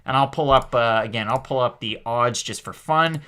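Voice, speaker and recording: A man hosting a live MMA stream, talking fast and chatty with lots of fillers while reading out the chat. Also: medium pitch, clean tone. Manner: energetic, rapid, chatty with many fillers. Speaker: host of a live MMA show.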